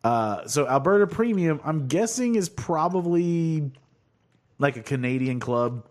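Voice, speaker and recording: A man's voice: a little high, lively intonation, unhurried, darkish tone. A man from the United States hosting a casual podcast chat, loose and jokey, swearing freely. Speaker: podcast host.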